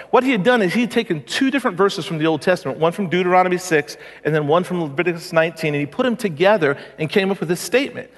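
Pastor, man, high voice, casual joking sermon, long hall reverb. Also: quick pace, few pauses. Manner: conversational, joking, emphatic.

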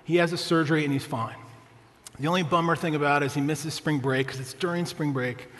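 A man's voice: on the high side, fairly even intonation, brisk, a bit bright, in a large hall. A male pastor preaching a sermon, telling a family story with humor and often asking the congregation "right?".

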